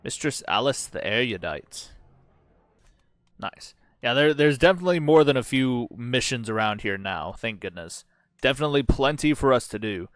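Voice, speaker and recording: A man's voice: medium pitch, lively intonation, moderate pace, a bit bright, no room sound, studio quality. Sarcastic, swearing man playing a game. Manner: profane, sarcastic asides while reading game text. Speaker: gaming channel host. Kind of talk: casual let's-play commentary.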